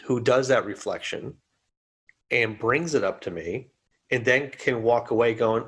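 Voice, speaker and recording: A man's voice: mid-range voice, unhurried, a bit bright, husky. A man co-hosting a podcast, talking reflectively and building his points in long, piled-up lists. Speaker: podcast co-host. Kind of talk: casual chat.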